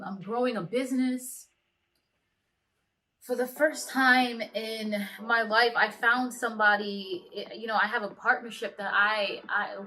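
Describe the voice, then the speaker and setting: Bright-voiced young woman telling a personal story. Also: fairly high pitch. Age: 20s. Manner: halting, earnest, full of restarts. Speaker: vlogger.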